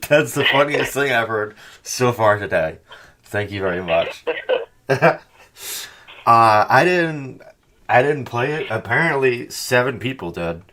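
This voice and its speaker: Give me a profane, animated man hosting a podcast. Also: medium pitch, slow, long pauses. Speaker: podcast host. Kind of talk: casual chat.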